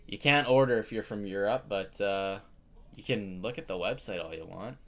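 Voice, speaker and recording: A man's voice: lowish voice, normal speed, fairly bright tone. A young Canadian man hosting a live card break stream, chatting casually and greeting viewers by name.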